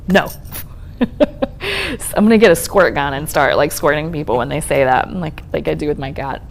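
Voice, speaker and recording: Woman speaker, therapist type, low voice with some fry, conversational, faint hiss behind. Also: normal speed. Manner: conversational, reassuring, frequent "um" and "okay?" check-ins. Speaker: speaker on trauma and resilience, therapist. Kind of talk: conference talk to an audience. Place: lecture room at a college event.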